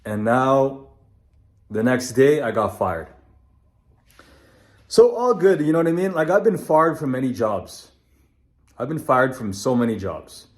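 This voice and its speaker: A man's voice: mid-range voice, very animated, a little slow, long pauses. A young man from Canada, a construction business owner, candidly telling a personal story in casual, blunt speech full of fillers and reenacted dialogue. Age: young adult.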